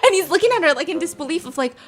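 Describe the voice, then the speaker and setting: A woman's voice: very high voice, rapid-fire, faint music behind. A woman in her thirties hosting a casual chat, telling a story with lots of laughter and acted-out quotes. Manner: animated, laughs often, acts out quotes. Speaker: podcast host.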